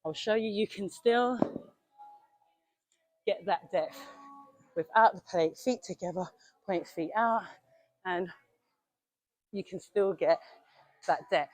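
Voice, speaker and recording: Speaking slowly with frequent pauses, this young woman has a mid-range, somewhat dark voice. She's a fitness coach running a gym session, casual and direct, calling her viewers "you lot" and getting slightly winded while demonstrating.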